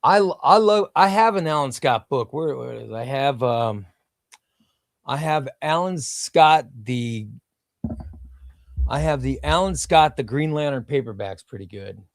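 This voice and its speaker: A man chats casually on a comic book livestream from a room at home, his middle-register voice lively in intonation and a little slow. The sound is dry and close with no room echo, and he rambles, restarts sentences, and answers viewer comments as they arrive.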